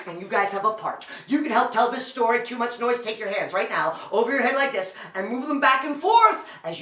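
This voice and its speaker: Energetic male storyteller leading an audience sing-along, animated and bright, roomy echo. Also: very high-pitched, a little fast, few pauses. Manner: animated, coaxing the audience to join in. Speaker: children's storyteller. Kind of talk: interactive storytelling performance.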